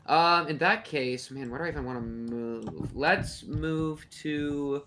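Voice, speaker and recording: A man's voice: a little high, takes it slowly, noisy background. A man playing a board game on a live stream, hesitant and thinking aloud with lots of fillers. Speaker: player.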